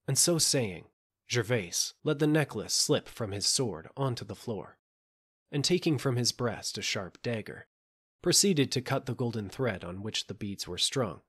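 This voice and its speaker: A man narrating a fairy tale audiobook in a measured, gentle storytelling manner. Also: medium pitch, animated, slightly rough. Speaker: audiobook reader.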